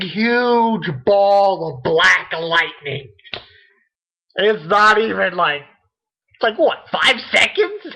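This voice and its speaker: A man giving a casual, rambling spoken manga review, excitable and full of fillers. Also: high-pitched, slow. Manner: rambling, excitable, lots of fillers and quoted character lines. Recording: dull lo-fi recording.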